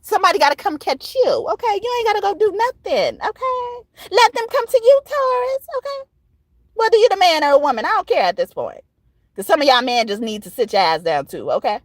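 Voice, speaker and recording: A high-voiced woman gives an unhurried tarot reading, her pitch leaping up and down as she talks. She is blunt and profane, laughs between points and keeps checking in with "okay?". Her voice sounds dry and close, with no room echo. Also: very animated. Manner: blunt and profane, tags most phrases with "okay?". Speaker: tarot reader. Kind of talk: casual tarot reading to camera.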